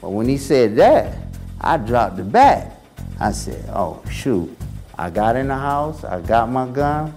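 A man's voice: medium pitch, slow pace, soft background music. A man recounting a past confrontation in first-person storytelling, acting out voices as he goes. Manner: animated, acts out voices in his story. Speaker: interviewee recounting his past.

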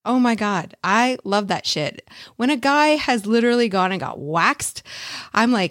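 A woman hosting her own podcast in a frank, casual chat, swearing without a second thought and breaking into laughter often. Her voice sits at an ordinary middle pitch, and the recording is close and dry with no room sound. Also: unhurried, fairly bright tone, dry recording. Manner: candid and blunt, swears freely, laughs often. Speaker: podcast host. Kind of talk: casual solo review chat.

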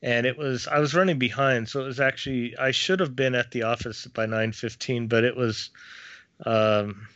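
A man's voice: mid-range voice, fairly even intonation, normal speed, fairly bright tone, no echo, lo-fi sound. A man, a former theme park custodial worker, telling a personal ghost story in a casual interview, with many restarts and fillers.

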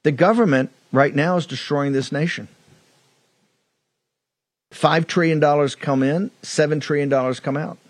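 A man hosting a political talk show, delivering a combative, mocking monologue that climbs into loud outbursts. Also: fairly high pitch, normal speed, long pauses, no echo.

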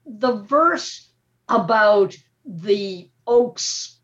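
An older woman, a media professor, talking as a podcast guest in an animated, emphatic way that often ends points with a quick "okay?". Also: medium pitch. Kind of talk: casual podcast talk. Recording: dull, muffled audio.

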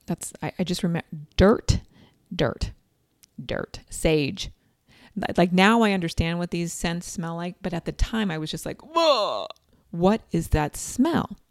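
A woman in her forties telling a personal story in a chatty, animated way, acting out quoted lines. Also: on the low side, moderate pace, no echo, studio quality. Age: 40s.

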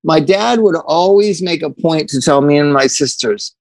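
Casting: talkative man on a casual chat show, a touch high, very dry sound, animated and profane. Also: creaky, dry recording. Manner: animated storyteller, swears freely, quick asides.

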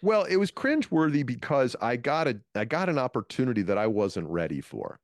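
A man in his fifties, a comedian guest, telling stories from his career in a lively interview. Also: mid-range voice, fairly quick, dry recording, clean studio sound. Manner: animated storyteller, restarts phrases. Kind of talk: storytelling interview talk.

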